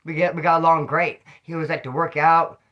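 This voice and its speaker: Middle-aged guy, loose slangy storyteller, slightly tipsy, talks quick with a slightly raised pitch. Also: lo-fi sound. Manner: rambling, slangy, animated storyteller. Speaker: vlogger telling prison stories. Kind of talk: casual storytelling to camera.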